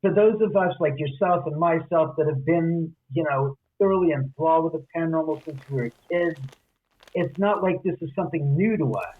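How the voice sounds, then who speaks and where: A man, the guest and an author, telling stories in a casual interview, animated and acting out the voices of the people in them. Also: fairly high pitch, fairly quick. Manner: animated, acts out quotes. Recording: tinny phone line.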